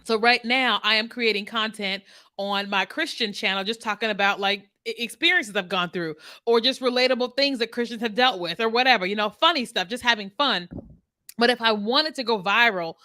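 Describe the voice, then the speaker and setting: Bright-voiced chatty woman. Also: a little high, fairly quick. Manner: chatty, animated, with laughs and asides. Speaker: marketing strategist. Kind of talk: casual direct-to-camera talk.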